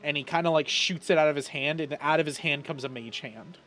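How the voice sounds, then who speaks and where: A man's voice: on the high side, a little fast, fairly bright tone, slight background noise. A man narrating a tabletop game as game master, casual and full of fillers.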